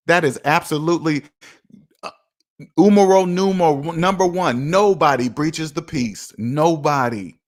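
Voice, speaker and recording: A man giving a casual motivational monologue as a personal finance vlogger, repeating points for emphasis and speaking straight to his viewers. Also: fairly high pitch. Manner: emphatic, repeats himself for effect; preachy, talks straight to viewers.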